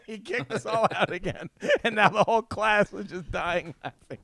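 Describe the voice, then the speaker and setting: A man's voice: high-pitched, moderate pace, vocal fry, few pauses. A man co-hosting a podcast, telling a long funny story with lots of laughter. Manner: animated, laughs through his own story. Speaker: podcast co-host. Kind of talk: casual storytelling chat.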